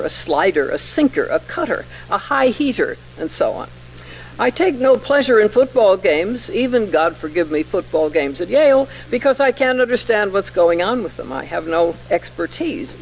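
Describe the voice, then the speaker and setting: Gravelly older woman giving a lecture. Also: mid-range voice, a little hiss or hum, rough recording. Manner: measured, precise, wry. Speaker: English professor giving a lecture. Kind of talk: formal lecture with poetry read aloud. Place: lecture hall.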